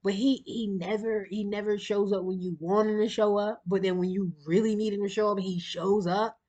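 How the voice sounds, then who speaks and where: A woman talks her viewers through a casual spiritual card reading in a loose, chatty way that often wanders off course. She sounds slightly out of breath, and her voice sits in a middle pitch. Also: fairly even intonation, mellow. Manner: chatty, rambling, quick bursts of laughter. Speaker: tarot card reader.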